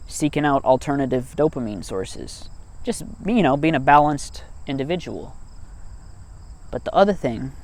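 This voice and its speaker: A man with a somewhat high voice rambles through a casual vlog, joking at his own expense. He laughs often between thoughts. He is outdoors in an open field, talking into a cheap mic that barely blocks the wind. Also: a little mellow. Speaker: vlogger. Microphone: cheap mic without proper wind protection.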